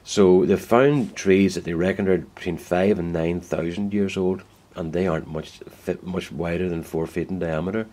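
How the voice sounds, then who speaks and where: Low-voiced man, rambling and folksy. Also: fairly even intonation, normal speed, hardly any pauses, mellow. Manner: rambling, folksy, self-correcting. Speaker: woodturner. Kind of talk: casual workshop vlog. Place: indoor woodworking shed.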